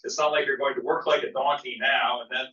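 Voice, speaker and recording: A man's voice: mid-range voice, steady tone, fast, bright, forceful tone. A man in a church study group sharing his thoughts in a rambling, casual way, full of "you know" and "it's like.". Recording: roomy, distant, lo-fi sound.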